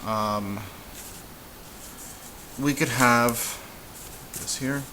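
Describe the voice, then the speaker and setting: A man teaching a casual whiteboard lesson, relaxed and halting, with frequent fillers and restarts. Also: mid-range voice, noisy background. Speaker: Spanish teacher.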